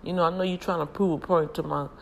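A talkative woman with a gravelly edge to her voice, speaking straight to her viewers in a loose, storytelling way. She is animated and chatty, with faint ambient noise behind her. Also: on the low side, quick pace. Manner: chatty, animated, laughs a lot.

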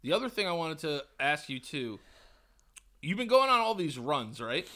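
A man hosting a podcast, telling stories in a casual, animated, profane way. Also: fairly high pitch, normal speed. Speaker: podcast host. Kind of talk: casual storytelling chat.

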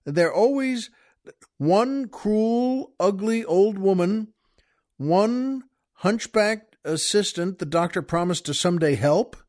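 An older man hosts his own show in a loose, wandering monologue, stopping for fillers and soft laughs. His voice sits a little high for a man, and his manner is chatty and folksy. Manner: folksy, chuckling, meandering with many fillers and restarts. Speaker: podcast host. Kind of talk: casual rambling monologue.

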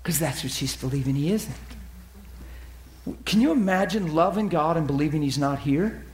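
Animated man preaching in echoey room. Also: a little high, normal speed. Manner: animated, acts out quotes, drops to soft near-whisper. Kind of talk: storytelling sermon.

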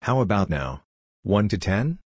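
A man reading the lines of a calm, odd-talking male scientist in a story, in a measured, matter-of-fact way. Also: fairly low pitch, breathy edge, no echo, full character voice.

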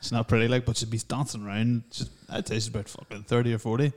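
A man co-hosting a podcast, blunt and teasing, quick with a crude joke. His voice sits a little lower than his partner's, at an ordinary pitch for a man. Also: little pitch movement. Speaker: podcast co-host. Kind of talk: casual podcast chat.

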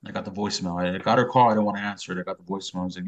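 A man with a fairly low voice tells a long story on a podcast. He talks loosely and rambles, full of swearing and street slang. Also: steady tone, very fast, lo-fi sound. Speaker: podcast guest. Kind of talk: casual storytelling.

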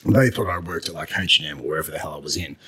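An Australian man, a fitness business coach, telling stories in casual podcast chat, animated when excited. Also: a bass voice, rapid-fire.

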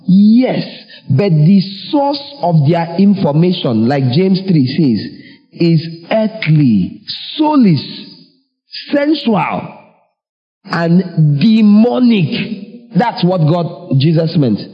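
A man's voice: on the high side, very animated, slow, dull audio, soft background music. A man preaching a sermon emphatically, asking the congregation rhetorical questions. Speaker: pastor.

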